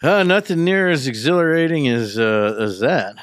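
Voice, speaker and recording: A man's voice: a little high, lively intonation, normal speed, no echo, clean studio sound. A man, chatting casually on a podcast in an offhand way. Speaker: podcast co-host. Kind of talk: casual chat.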